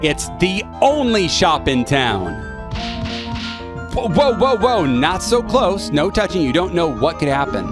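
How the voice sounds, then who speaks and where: A man's voice: high-pitched, sing-song, measured pace, music in the background, pitched above the performer's own voice. A man voicing a boastful, cheap male magic shopkeeper with a put-on British accent. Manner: brash, bragging, "I tells ya".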